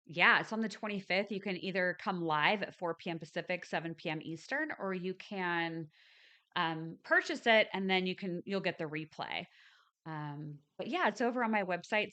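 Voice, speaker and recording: A woman with a lowish, smooth voice and a sharp tone hosts a spiritual live stream. She chats with her viewers in a casual, upbeat way, often saying um and restarting her sentences.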